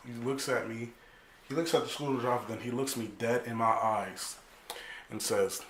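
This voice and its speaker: A young man telling a story casually, animated and profane, full of slang, acting out other people's lines. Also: mid-range voice, moderate pace, slight background noise. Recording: echoey room.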